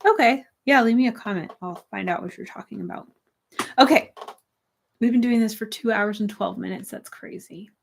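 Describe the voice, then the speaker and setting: A slightly hoarse young woman casually chatting on a livestream, reading viewer comments aloud and answering them from her room. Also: a little high, moderate pace. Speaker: livestream host. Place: her room with string lights.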